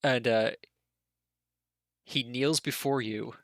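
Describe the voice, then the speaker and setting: A man narrating a tabletop game as its game master, rambling casually and piling on filler words. His voice has a bright, forward tone, heard close and dry. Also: medium pitch, steady tone, slow pace, dry recording.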